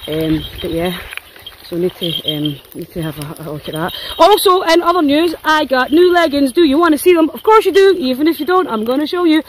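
A woman's voice: sits high, brisk, slight background noise, rough recording. Chatty Scottish woman walking dogs in woods. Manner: chatty, playful and sweary, talks to the dogs. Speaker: dog walker. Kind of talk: casual walking vlog. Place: outdoors in a wet forest. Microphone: handheld phone while walking.

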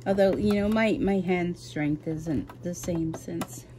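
A woman's voice: fairly low pitch, slow. Flustered woman, noisy room. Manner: flustered, chatty, apologetic to viewers. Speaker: embroidery vlogger. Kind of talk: casual how-to chat while working. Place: home sewing room with window open and ceiling fan. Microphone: camera mic, no microphone on.

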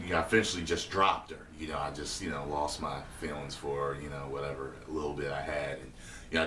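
A man's voice: low voice, a bit bright, a little hiss or hum. A man vlogging, telling a loose, slangy story with swearing and laughs. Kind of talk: casual storytelling. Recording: echoey room, mic far off.

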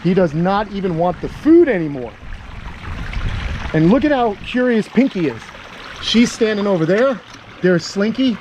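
A man vlogging outdoors, coaxing a big lizard along in a sing-song voice and talking excitedly to his viewers. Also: sits high, moderate pace, long pauses, background noise. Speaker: reptile keeper vlogger. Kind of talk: excited outdoor vlog narration. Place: outdoors on a property.

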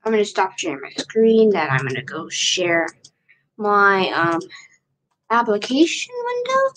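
A woman's voice: mid-range voice, sing-song, unhurried, fairly bright tone, slight background noise, poor audio. A woman streaming live, chatting casually to herself while she shares her screen and repeats her questions.

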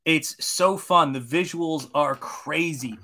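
Slow-paced and sharp in tone, this man in his forties has a high-ish voice as he paints on a live stream and welcomes viewers. He talks casually, rambling with enthusiasm.

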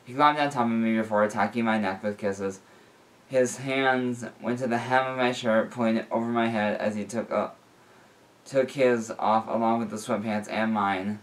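A man reads a fan fiction story aloud. His voice sits somewhat low, and his reading is plain and unhurried. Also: fairly even intonation. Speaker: reader.

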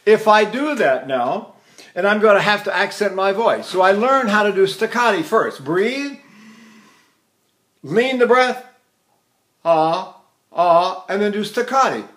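An older man teaching vocal technique, explaining calmly and breaking into operatic tenor singing and short staccato exercises. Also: sits high, moderate pace. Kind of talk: vocal technique lesson with sung demonstrations.

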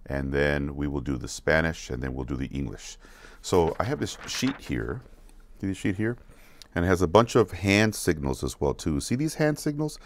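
A man teaching children a counting song, going slowly and repeating each word so they can follow. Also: a bass voice, no room sound. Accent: American. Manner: repeats words slowly, asks questions to check along. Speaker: music teacher. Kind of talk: slow, patient lesson for kids.

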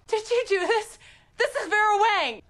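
A woman playing an indignant homeowner in a comedy skit, huffy and quick to threaten the police. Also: very high voice, lively intonation, a bit bright. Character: indignant young woman, owner of a house.

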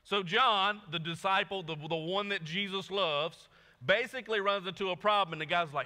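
Bright-voiced pastor preaching in a hall. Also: male voice, sits high, normal speed. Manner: conversational preaching, acts out voices of biblical figures with slang. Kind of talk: sermon. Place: church hall with audience. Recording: long hall reverb.

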